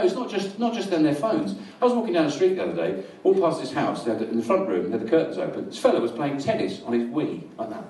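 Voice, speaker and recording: Middle-aged man, stand-up comic, deadpan rambling delivery, lively pitch swings, roomy live venue. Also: recorded from a distance. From England. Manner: dry, rambling, deadpan with crowd laughter. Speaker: stand-up comedian. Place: small comedy venue with audience.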